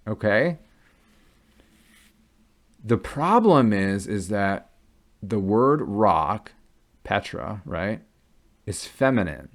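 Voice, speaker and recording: A man's voice: on the low side, very animated, slow, long pauses. A man giving an earnest, casual explanation to viewers, often checking in with "okay?" and "right?" as he goes. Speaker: Catholic convert vlogger.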